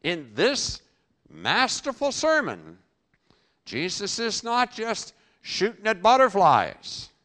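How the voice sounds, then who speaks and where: A man preaching in a bright, forceful voice that leaps around in pitch. He punches key phrases loudly, then drops to a near-murmur, and answers his own rhetorical questions. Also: wildly swooping pitch, slow pace. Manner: emphatic, with sudden loud bursts and drops to quiet. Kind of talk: sermon.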